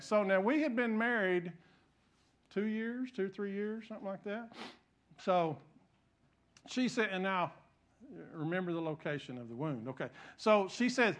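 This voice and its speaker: High-voiced pastor telling a folksy story. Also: male voice, lively intonation, unhurried, pauses often, a bit bright. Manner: folksy storytelling with frequent restarts. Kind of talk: sermon. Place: church.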